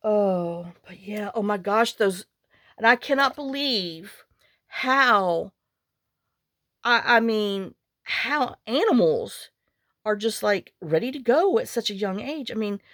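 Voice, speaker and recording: A woman's voice: medium pitch, expressive, slow pace, a bit bright, dry recording, studio quality. A woman vlogger chatting casually while making a journal, rambling through stories and muttering to herself as she works. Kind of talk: casual chat while crafting.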